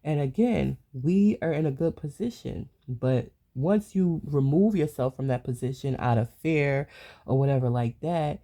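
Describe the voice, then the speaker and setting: A woman's voice: very deep voice, moderate pace, dark tone. A woman hosting her own podcast, venting in a heated, profane monologue full of repeated rhetorical questions. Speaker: podcast host. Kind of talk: solo ranting monologue.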